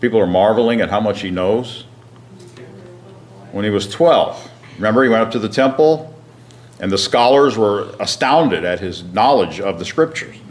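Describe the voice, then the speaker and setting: Low-voiced guy leading a bible class, reads verses, quizzes the room, clears his throat a lot. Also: lively intonation, moderate pace. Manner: asks the class questions, reads scripture aloud; frequent throat clearing and restarts. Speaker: Bible teacher.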